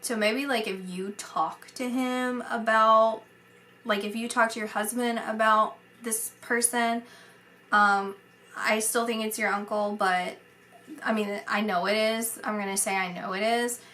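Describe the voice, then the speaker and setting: Slow, bright-voiced woman giving a reading. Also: fairly high pitch, steady tone. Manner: rambling and hesitant, filled with fillers and light laughter. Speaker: psychic medium. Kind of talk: casual spoken psychic reading.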